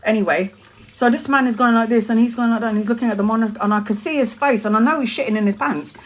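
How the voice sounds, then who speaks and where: A woman from Brazil, a tarot reader, telling a story on a live stream with a lively, laughing and swearing manner. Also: fairly high pitch, fast talker, slight background noise.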